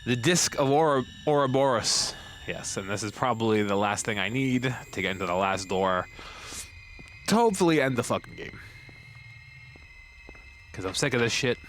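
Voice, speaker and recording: A man's voice: medium pitch, lively intonation, normal speed, long pauses, a bit bright, a little hiss or hum. A young Canadian man with a Canadian accent, live-streaming a game and rambling, joking and swearing as he plays. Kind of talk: casual live-stream chat.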